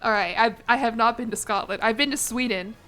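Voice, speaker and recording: A woman's voice: on the high side, fairly quick, sharp tone. Self-mocking young woman streamer. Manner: self-deprecating, laughing, apologetic. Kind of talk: casual live-stream commentary.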